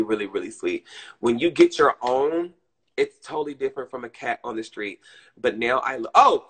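A man's voice: fairly high pitch, sharp tone, poor audio. A man chatting casually with viewers on a live stream, telling stories in a rambling, emotive way.

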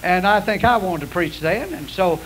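A man's voice: high voice, expressive, moderate pace, a bit bright, rough recording. A man preaching a sermon in a folksy, confessional way with a drawl, telling stories to his congregation. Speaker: pastor. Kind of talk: sermon with storytelling. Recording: hissy old radio broadcast.

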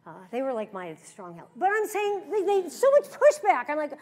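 High pitched lady preacher, animated church sermon, hushed then loud storytelling. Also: moderate pace. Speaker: guest preacher and pastor. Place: church service.

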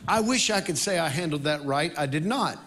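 A man who is a worship leader, telling a story in a sermon and swinging between loud outbursts and quiet reflection. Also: fairly high pitch, animated, fairly quick.

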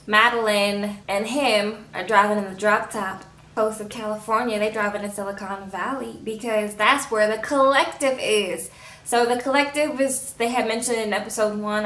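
A chatty woman recaps a TV episode, slipping into the characters' lines as she talks. Her voice sits at an ordinary middle pitch. She is a little distant from the mic, in a room with a noticeable echo. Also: fairly bright tone. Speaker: TV episode reviewer. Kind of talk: casual recap vlog. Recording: roomy echo, a bit off-mic.

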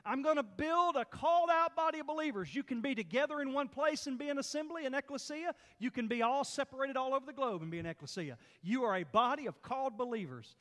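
Preaching in a church sanctuary, a pastor delivers an emphatic, repetitive sermon that swells and eases in force. His very high, slightly bright voice is animated and fast with hardly any pauses, trailed by long reverb.

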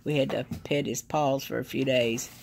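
A woman's voice: rumbling low, steady tone, moderate pace, vocal fry, a little mellow, a little hiss or hum. Woman calling out to her dog. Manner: bubbly sing-song commands and praise to a dog. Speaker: vlogger filming her dog. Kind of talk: casual home video chat. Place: living room at home, on a sofa. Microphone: phone camera.

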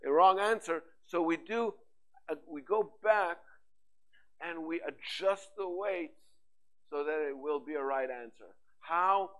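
A man giving a talk at a tech conference, his voice sitting a little high. He talks in a lively, rhetorical way, asking questions and answering them himself. His delivery is full of fillers and restarts. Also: slow pace, rough recording. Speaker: conference speaker. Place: conference hall.

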